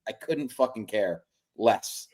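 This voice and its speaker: A man's voice: on the low side, expressive, a little mellow. A man co-hosting a casual sports podcast, telling stories in a worked-up, profane way. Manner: fast, worked-up, profane storyteller. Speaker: podcast co-host.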